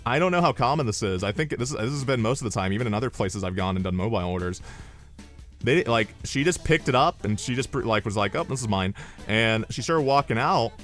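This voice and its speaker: A young man streaming, telling stories in an animated, rambling way, swearing and drifting into asides. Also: medium pitch, a little fast, soft background music. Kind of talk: casual storytelling on a livestream.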